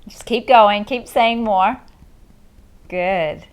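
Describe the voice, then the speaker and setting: Slow soothing woman guiding tapping. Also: mid-range voice, smooth. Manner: slow, soothing guided instructions. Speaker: tapping coach. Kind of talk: guided tapping meditation.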